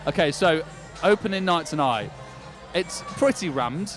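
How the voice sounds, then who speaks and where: A male vlog presenter asks chatty, upbeat questions in a casual interview. His voice sits fairly high, and faint music drifts in while he stands outside a city venue. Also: expressive, measured pace, fairly bright tone.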